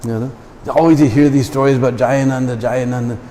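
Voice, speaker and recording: A man's voice: mid-range voice, steady tone, a little fast, warm tone, a little hiss or hum. A man giving a temple lecture full of anecdotes, with chatty asides to the listeners. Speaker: visiting lecturer. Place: large temple hall. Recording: long temple hall reverb.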